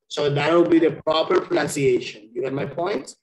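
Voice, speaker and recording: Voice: medium pitch, moderate pace, few pauses, darkish tone. Patient English teacher on a video call. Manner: patient, checks understanding often. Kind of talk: online one-on-one English lesson. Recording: echoey room over a video call.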